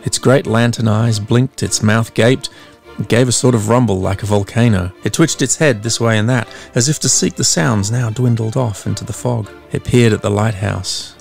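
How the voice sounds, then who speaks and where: A man narrating a story in a measured, dramatic way. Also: lowish voice, vocal fry, darkish tone, faint music behind. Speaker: audiobook narrator.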